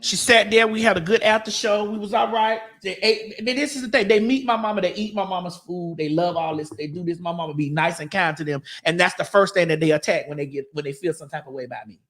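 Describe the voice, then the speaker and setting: A woman from Miami-Dade hosting a morning talk show, telling a story in a blunt, profane, animated way. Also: on the low side, fast talker, few pauses. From Miami-Dade, Florida.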